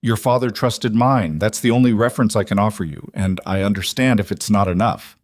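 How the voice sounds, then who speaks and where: A man voicing a calm, guarded middle-aged protector in an audiobook, speaking flatly and without inflection. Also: lowish voice, dry recording, clean studio sound, close to an everyday voice. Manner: flat, measured, unemotional. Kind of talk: audiobook character voice.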